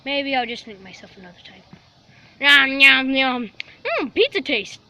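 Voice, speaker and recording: A woman's voice: high voice, steady tone, moderate pace, bright, forceful tone, exaggerated voice. A woman voicing a scheming house cat who boasts grandly about ruling the world in a playful home video. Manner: grandiose villain boasting, easily distracted.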